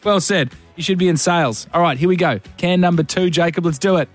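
A man's voice: high-pitched, fairly quick, soft background music. A man with an Australian accent hosting a drive-time radio show, upbeat and teasing with callers. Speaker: radio host. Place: radio studio.

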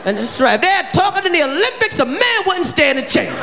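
A male stand-up comedian doing a loud, shouting routine for a live audience. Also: very high voice, very animated, fast, gravelly. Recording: live club with crowd laughter.

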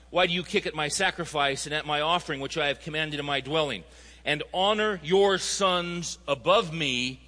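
A man's voice: fairly high pitch, sharp tone, big-room sound. A man preaching a sermon, telling stories and rising to emphatic appeals to his listeners. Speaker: pastor.

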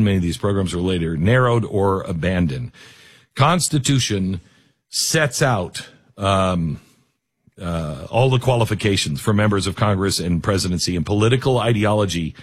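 A man hosting a call-in talk radio show, talking in a measured, deliberate way and then taking callers. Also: fairly low pitch, husky, no room sound.

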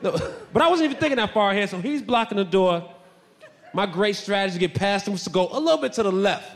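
High-voiced boisterous male comedian. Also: quick pace, long reverb tail. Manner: animated, boisterous, self-mocking. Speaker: stand-up comedian. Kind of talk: stand-up storytelling.

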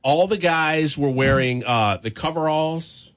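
A man's voice: a little high, unhurried. A man casually telling a long story on a talk show, full of fillers and restarts. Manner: rambling, animated storyteller with many fillers.

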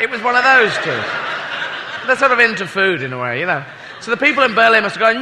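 A man's voice: high voice, very animated, fast talker, noisy background. Rambling male stand-up in an echoey hall. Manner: dry, rambling, self-mocking asides. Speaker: stand-up comedian. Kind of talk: stand-up routine.

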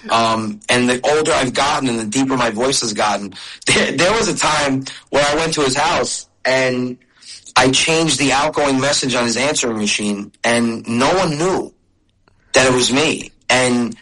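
Middle-aged guy, bright voice, chatty storyteller in an interview. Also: mid-range voice, a little slow, poor audio. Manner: storytelling, chatty with restarts and laughs. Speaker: comedian and video creator. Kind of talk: casual interview talk.

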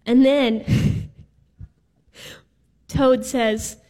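A woman's voice: sits high, fairly even intonation, very slow, warm tone. A woman preaching a sermon in a casual, playful way with some filler words. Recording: reverberant hall.

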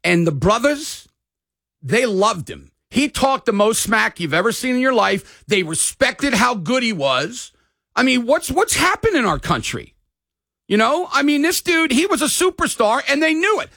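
A middle-aged man hosting a call-in sports radio show, ranting with fired-up energy and quick apologetic asides. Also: sits high, very animated, gravelly, a bit bright, no room sound, studio quality.

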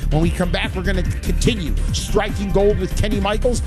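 A man's voice: high voice, a little fast, over loud music. A man hosting a call-in radio show, talking in an emphatic, salesy way and repeating words for punch.

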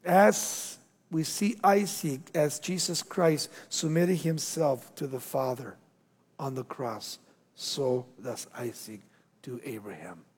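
A male pastor preaching with a high-pitched voice in a church sanctuary. He drives his points up with emphasis, then drops suddenly to quiet, low phrases. A long hall reverb trails after every line. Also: husky. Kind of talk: sermon.

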